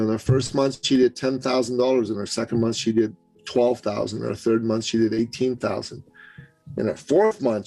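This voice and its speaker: Gravelly man telling a story. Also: mid-range voice, darkish tone, poor audio. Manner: earnest, conversational storytelling with asides. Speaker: podcast guest, business coach. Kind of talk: storytelling in an interview.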